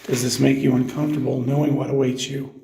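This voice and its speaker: A man on a ghost-hunting session, asking spirits slow, measured questions inside an old jail. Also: medium pitch, flat delivery, gravelly, warm tone. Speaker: paranormal investigator. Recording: echoey old jail cell.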